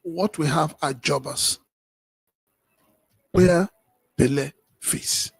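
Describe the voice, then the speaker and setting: A man speaking as a panelist on a political talk show, animated and firing off rhetorical questions. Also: on the high side, very slow, vocal fry, breathy edge, no room sound.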